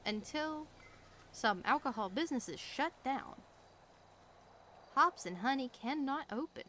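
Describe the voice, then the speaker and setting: A woman's voice: sits high, lively intonation, unhurried, sharp tone, a little hiss or hum. A tired woman chatting in character during a roleplay stream, wry and blunt, swearing casually. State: tired late at night.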